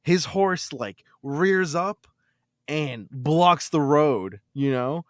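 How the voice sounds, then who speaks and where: A man on a podcast, telling a story from his childhood in an animated, swearing style with lots of repeated words. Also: on the high side, extremely slow, no room sound, clean studio sound. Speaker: podcast host. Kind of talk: casual storytelling.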